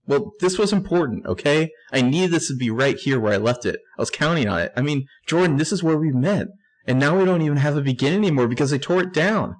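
A man's voice: fairly high pitch, animated, fast, pitched above the performer's own voice. A man voicing a distraught young woman in a raised, melodramatic reading. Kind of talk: podcast scene reenactment.

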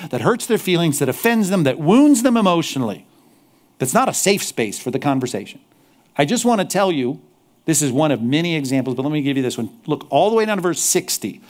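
Male pastor, sermon, fairly high voice, animated, mocking asides.

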